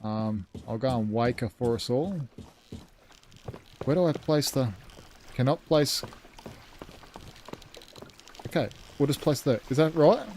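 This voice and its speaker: A man's voice: mid-range voice, slow, long pauses, dark tone, slight background noise. A man streaming a ship game live, rambling as he thinks aloud and thanks his chat.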